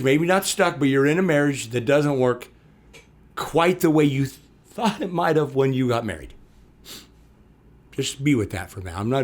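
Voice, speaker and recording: A man on a podcast speaking with passion and putting questions straight to the listeners. His voice sits at an ordinary middle pitch and climbs higher when he gets animated. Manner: impassioned, addresses listeners directly, rises in pitch when animated. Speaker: podcast co-host. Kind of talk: podcast conversation.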